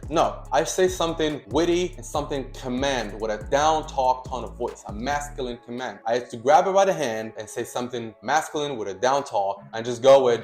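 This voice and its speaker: A man talks straight to camera with casual dating advice, hammering each point home and acting out the lines he suggests. His voice sits at a middle pitch and bounces around a hard, echoey room, with faint music underneath. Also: brisk, few pauses, darkish tone. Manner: emphatic, repeats key points, acts out example lines. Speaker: dating coach.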